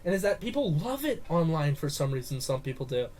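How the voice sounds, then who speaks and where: Man, movie podcast co-host, animated swearing rant, casual chat. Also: fairly high pitch, fairly quick.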